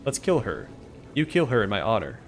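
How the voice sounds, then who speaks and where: A man's voice: lowish voice, wildly swooping pitch, fairly quick, faint music behind. A man voicing a petulant female fecal demon queen who whines and boasts like a spoiled princess. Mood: petulant whining. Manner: whining, smug, self-pitying.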